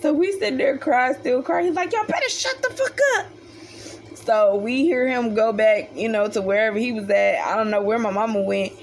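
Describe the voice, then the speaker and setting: A woman's voice: on the high side, fairly quick, few pauses. A young woman telling a childhood story in a casual, profane storytime style, acting out the voices of her family. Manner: animated, profane, acts out the voices of family members.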